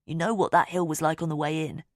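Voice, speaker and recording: A woman's voice: sits low, steady tone, fast, no echo, lightly acted. A woman reading the part of a wry, gloomy young man in an audiobook, in a dry, darkly joking way. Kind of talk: audiobook character voice.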